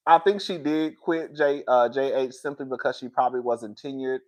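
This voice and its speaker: A woman talking casually to her viewers on a live stream, reading their comments and getting loud and excited when she is worked up. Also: moderate pace. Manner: animated, swings high and loud when worked up.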